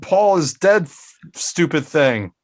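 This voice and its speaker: A man's voice: a little high, expressive, slow. A man co-hosting a comedy podcast, joking in a playful, self-mocking way. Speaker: podcast co-host.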